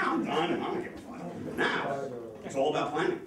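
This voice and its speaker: A nervous man doing a fast, profane stand-up comedy set on a club stage, with the audience laughing behind him. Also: fairly high pitch, recorded from a distance, over a noisy crowd. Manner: fast, excitable, profane delivery. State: nervous, sweating. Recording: echoey club audio from afar.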